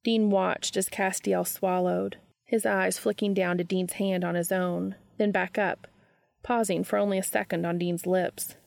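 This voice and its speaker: A woman reading a story aloud in a calm, even storytelling manner, close to the mic. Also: medium pitch, measured pace, creaky, no echo. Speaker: reader. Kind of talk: reading fan fiction aloud.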